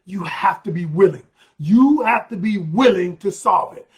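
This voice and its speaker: A man giving an emphatic motivational talk as a relationship coach, repeating phrases and bursting into loud, heated stretches. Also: sits high, lively intonation, normal speed.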